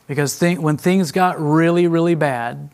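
At normal speed and a fairly high pitch, this middle-aged man preaches as a traveling evangelist, emotional and confessional. He alternates between quiet and loud passages and speaks to the congregation as friends.

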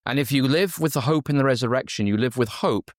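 Pastor type from Yorkshire, relaxed sermon delivery, poses questions to the audience, dry recording. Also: male voice, mid-range voice, quick pace, dry recording. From Yorkshire, England. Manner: conversational, asks the audience questions.

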